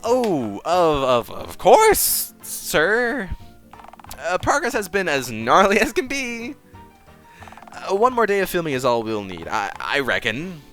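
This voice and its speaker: A man's voice: sing-song, slow pace, a bit bright, faint music behind, heavily acted. A man doing a stammering eager young assistant. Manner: stammering, high-pitched.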